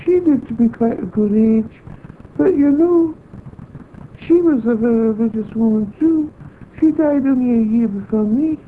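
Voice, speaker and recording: A woman's voice: on the high side, slight background noise. A woman unhurriedly recounting a personal experience, acting out remembered conversations as she goes. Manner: unhurried storytelling, acts out remembered dialogue. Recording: tinny phone-like old tape.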